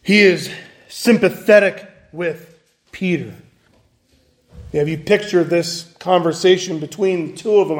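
A man preaching a conversational evening sermon, acting out the voices of the people he quotes. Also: high voice. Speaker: pastor.

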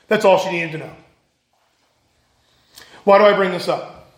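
A man's voice: high-pitched, normal speed, pauses often, echoey room. A male pastor giving a sermon, earnest and emphatic, asking his listeners questions.

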